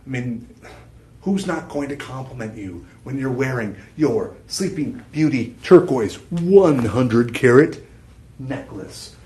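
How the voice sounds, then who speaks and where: A man's voice: medium pitch, lively intonation, slow pace, mellow, roomy sound. A man hosting a live jewelry sales stream, rambling and chatty, often breaking off his own sentences and laughing. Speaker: shopping channel jewelry host. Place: studio set with a TV screen behind.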